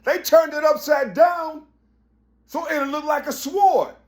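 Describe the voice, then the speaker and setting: High-voiced man rambling emphatically. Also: slow pace, a little mellow. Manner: repetitive, keeps saying "you see", profane; emphatic, raises voice at points. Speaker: vlogger. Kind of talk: rambling spoken monologue.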